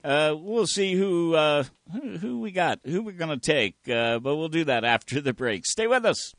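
A man's voice: on the high side, expressive, moderate pace, fairly bright tone. A man hosting a motorsport radio show, chatty and upbeat as he interviews guests.

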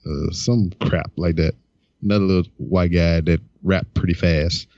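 A man's voice: low voice, steady tone, moderate pace, darkish tone, dry recording, muffled recording. A man hosting his own podcast, chatting casually, laid-back and swearing freely, trailing off with fillers. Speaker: podcast host.

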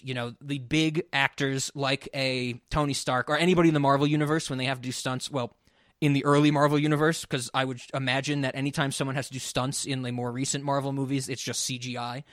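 A fairly high-voiced man chatting on a podcast with lively energy, tossing in quick asides and frequent laughs. The sound is dry and close, with no room around it. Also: no echo. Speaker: podcast host. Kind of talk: casual chat.

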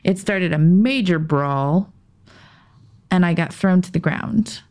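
Her voice on the low side and a little mellow, a woman talks through a personal story as a podcast guest. Her delivery is halting, with restarts and pauses, and she falls into a tense whisper once she becomes heated.

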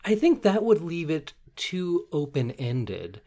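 A man's voice: a little high, sing-song, slow, dark tone. A man with a Canadian accent, co-hosting a casual podcast and talking through a film in a thoughtful, analytical way. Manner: thoughtful, analytical, occasional swearing. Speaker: podcast co-host.

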